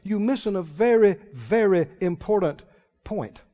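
A man preaching a sermon as pastor, folksy and emphatic, with sudden loud swells and drawn-out words. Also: high-pitched, animated. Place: church sanctuary. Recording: muffled recording in a reverberant church hall.

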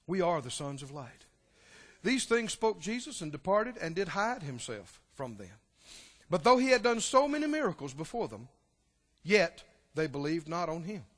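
A man preaching a sermon, emphatic and calling out to his congregation, swinging between hushed and shouted lines. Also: a little high, big pitch swings, normal speed. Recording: long hall reverb.

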